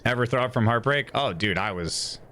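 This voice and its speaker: Male streamer, casual rambling chat, candid, swears a lot, mid-pitched voice. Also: fairly quick, pushed and bright, slight background noise. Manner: rambling, candid, swears often, many restarts.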